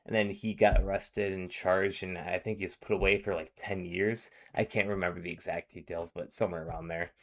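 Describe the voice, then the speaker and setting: Low-voiced man rambling in casual commentary. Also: steady tone, fairly quick, few pauses, fairly bright tone. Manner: rambling, with many fillers and restarts. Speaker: commentator reacting to a video.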